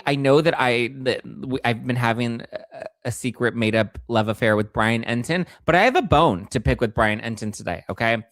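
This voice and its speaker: Sarcastic chatty male host, dry sound. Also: dry recording. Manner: sarcastic, animated, jumps into high squeals. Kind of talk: casual commentary.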